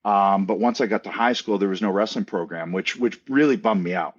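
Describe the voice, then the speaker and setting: A middle-aged man from Canada, a podcast guest telling stories in a casual, animated way with jokey asides and plenty of fillers. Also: fairly low pitch, fairly quick, lo-fi sound. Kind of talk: casual storytelling interview.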